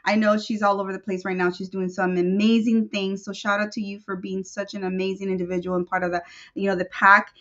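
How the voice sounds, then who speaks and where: A woman co-host, chatting on a video call and gushing through shout-outs. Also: medium pitch, level tone, a little fast, muffled recording. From Texas. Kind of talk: casual chat.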